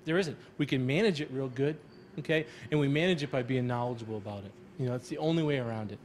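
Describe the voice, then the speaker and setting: Fast-talking middle-aged male counselor. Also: medium pitch, a little mellow, slight background noise. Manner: rambling, repeats words, informal reassuring. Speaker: school adjustment counselor. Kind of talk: casual panel discussion.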